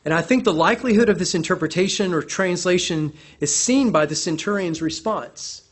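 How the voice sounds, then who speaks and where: Animated man preaching a sermon. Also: sits high, brisk. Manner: animated, acts out quoted voices, repeats words. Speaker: pastor.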